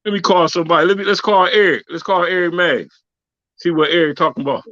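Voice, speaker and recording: A man's voice: high voice, fairly even intonation, fast, a bit bright, no room sound, dull audio. Laid-back, teasing podcast co-host man. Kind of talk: casual chat.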